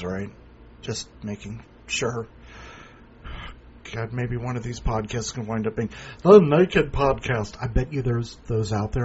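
A man's voice: medium pitch, darkish tone, slight background noise. A man hosting a podcast, introducing contributors with rambling, sarcastic jokes. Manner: rambling, jokey, sarcastic asides. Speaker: podcast host. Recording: dull lo-fi recording.

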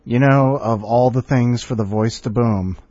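A man's voice: mid-range voice, dark tone, no echo, highs cut off. A man hosting a casual podcast, rambling and sighing between asides. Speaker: podcast host.

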